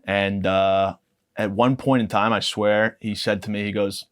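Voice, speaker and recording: A man's voice: on the low side, little pitch movement, unhurried, a bit bright, clear, resonant tone. A man of about thirty telling rambling comic stories on a podcast, swearing often and acting outraged. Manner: profane, rambling, mock-outraged. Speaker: podcast guest. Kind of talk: comedic storytelling rant.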